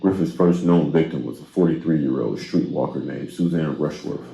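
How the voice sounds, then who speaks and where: A man narrating a true crime story in steady, grave scripted narration. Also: a bass voice, normal speed, creaky, slight background noise. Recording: roomy narration with faint music.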